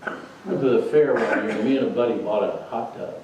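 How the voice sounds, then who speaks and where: A male pastor preaching a sermon in a relaxed, conversational storytelling way. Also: mid-range voice, fast, slight background noise. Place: church sanctuary. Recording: echoey sanctuary, distant dull mic.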